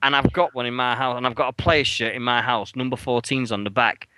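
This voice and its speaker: A man co-hosting a radio show, telling an animated story with swearing and sudden jumps in pitch when he acts out his outrage. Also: a little fast, noisy background. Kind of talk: casual storytelling chat. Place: radio studio.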